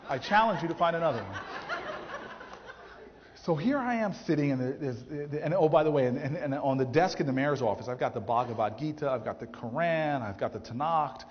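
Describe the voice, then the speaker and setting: A man in his thirties, a mayor, telling a story to an audience in a speech, animated and acting out the people he quotes, with frequent restarts. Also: mid-range voice, a little hiss or hum. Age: 30s. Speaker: mayor giving a campus speech. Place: large theatre hall. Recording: dull, roomy auditorium recording.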